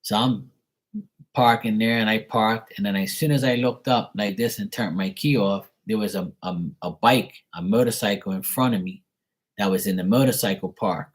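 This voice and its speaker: A man's voice: fairly low pitch, moderate pace, breathy edge, low-quality recording. A man, a live tarot reader, telling a casual story in a rambling, slangy way, full of "like" and "you know". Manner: rambling, slangy, heavy use of "like".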